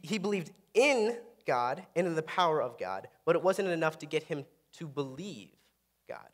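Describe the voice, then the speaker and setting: A young man giving a sermon, reading scripture aloud and adding casual, earnest asides. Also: on the high side. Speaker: preacher. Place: church sanctuary. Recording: reverberant hall.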